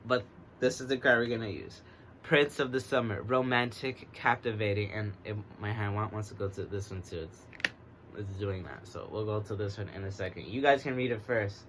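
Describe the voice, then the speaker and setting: An American man reading oracle cards in a relaxed, rambling way, speaking in a put-on English accent that he uses to get through a stutter. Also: on the low side, normal speed, background noise. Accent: American trying an English accent. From United States. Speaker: oracle card reader. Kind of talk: casual divination reading.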